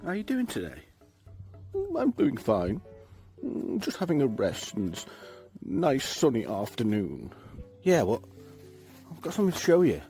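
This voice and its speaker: A man putting on a low, laid-back mate. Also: wildly swooping pitch, measured pace, pauses often, warm tone, soft background music. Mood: relaxed.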